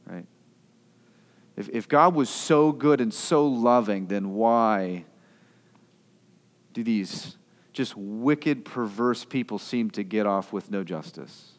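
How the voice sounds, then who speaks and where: A man's voice: lowish voice, animated, slow. Impassioned male preacher in a reverberant hall. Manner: impassioned, swings between loud outbursts and quiet asides. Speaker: pastor. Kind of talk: sermon.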